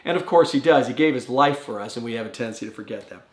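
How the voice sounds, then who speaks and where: A man speaking as a pastor in a short devotional talk, earnest and conversational, acting out quoted prayers with rising pitch. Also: quick pace, roomy sound.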